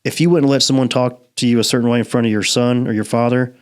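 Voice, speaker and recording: A man hosts a casual podcast, spinning a story in rough, profane language with frequent laughs. His voice sits at an ordinary middle pitch. He talks loosely and unscripted. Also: fairly even intonation, fast talker. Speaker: podcast host. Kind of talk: casual chat.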